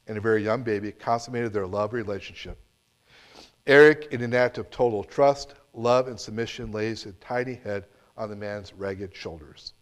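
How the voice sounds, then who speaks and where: A man preaching a sermon, reading a story with dramatic swings from full voice down to near-whispers. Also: medium pitch. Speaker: pastor.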